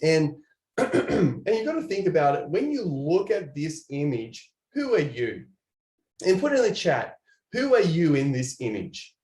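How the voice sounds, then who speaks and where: A man giving an online training presentation, animated and chatty, talking to viewers in the chat. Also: on the high side, unhurried, reverberant.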